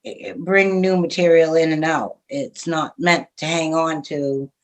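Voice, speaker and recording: A woman's voice: low voice, fairly even intonation, a little slow. A middle-aged woman chats as a guest on an interview show, speaking her mind frankly and at length. She is a radio host herself and laughs easily as she talks. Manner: frank, talkative, laughs often. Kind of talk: casual interview chat.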